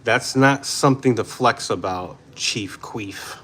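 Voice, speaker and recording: A man's voice: medium pitch, takes it slowly, a bit bright, slight background noise. A man in his forties from New York City, giving blunt casual livestream commentary and reacting to chat, sometimes slipping into Spanish phrases. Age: 40s. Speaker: livestream host.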